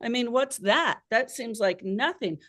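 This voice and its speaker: A woman's voice: fairly high pitch, expressive, measured pace, fairly bright tone. An American woman hosting a live online class, upbeat and encouraging, playfully drawing out her guest. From United States. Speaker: host.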